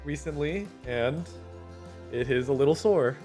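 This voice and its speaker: A man's voice: fairly high pitch, lively intonation, a little slow, a little mellow, soft background music. A man chatting casually on a livestream. He rambles, swears and laughs often. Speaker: streamer.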